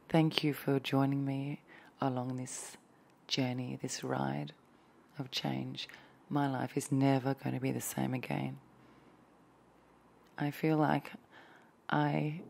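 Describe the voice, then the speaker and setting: Woman, ASMR host, husky breathy voice, hushed dreamy travel diary. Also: very deep voice. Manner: dreamy, unhurried, drifting between whisper and soft voice. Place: hotel room.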